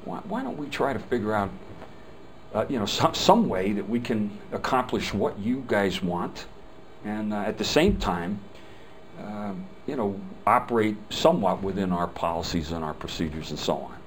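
A man's voice: on the low side, expressive, normal speed, a little hiss or hum, low-quality recording. Older man, folksy seminar storyteller. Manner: folksy storytelling, acts out quoted dialogue. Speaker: customer service trainer. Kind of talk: live seminar talk. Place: hotel meeting room.

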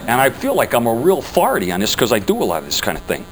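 An older man addresses a room of customers in a loose, conversational talk, his pitch swinging widely as he tells stories and turns to the audience with questions. A faint mains hum sits under the recording. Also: rapid-fire, rough recording. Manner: chatty, animated storytelling with asides to the audience. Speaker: speaker giving a talk to business customers. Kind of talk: casual presentation to a group.

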